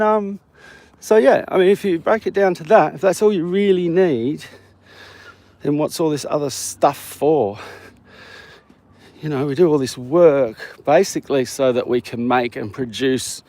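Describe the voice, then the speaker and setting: A man's voice: medium pitch, creaky, a little mellow. An Australian man vlogging live while out on a walk, rambling and joking with viewers. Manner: rambling, jokey, talks to viewers.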